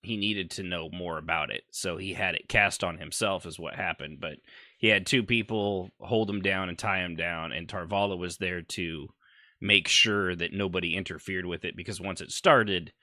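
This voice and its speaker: A man's voice: sits low, fairly even intonation, normal speed, sharp tone, no room sound, studio quality. A man hosting a casual podcast, recounting roleplay game events in a rambling way with plenty of fillers. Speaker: podcast host.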